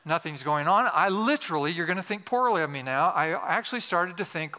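A man's voice: sits high, expressive, brisk, bright, forceful tone, long reverb tail. An older male pastor telling a story in a sermon, with humorous, self-deprecating asides.

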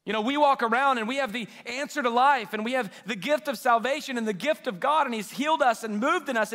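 Young male preacher, high bright voice, lively storytelling, long hall reverb. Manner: animated, self-mocking storytelling with quoted dialogue. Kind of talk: storytelling sermon.

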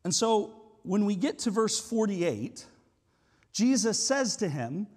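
A man's voice: high voice, sing-song, takes it slowly, darkish tone. A man preaching a sermon as a pastor, talking in a conversational, explanatory way with frequent hedging asides. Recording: long hall reverb.

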